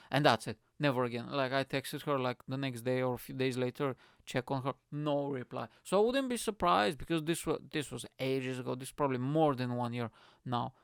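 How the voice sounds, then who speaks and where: A young man hosting his own show, telling dating stories in a profane, animated rant with mocking put-on voices. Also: medium pitch, a little fast, creaky, clear, resonant tone, no room sound, clean studio sound. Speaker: podcast host. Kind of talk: casual ranting monologue.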